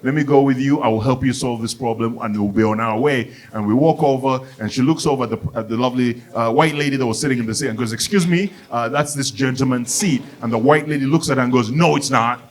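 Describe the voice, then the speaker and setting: A young man from Uganda doing a stand-up comedy set, telling a lively story and acting out the people in it. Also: mid-range voice, fast, hardly any pauses. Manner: animated storytelling, acts out characters, bursts of excitement. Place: comedy venue with live audience.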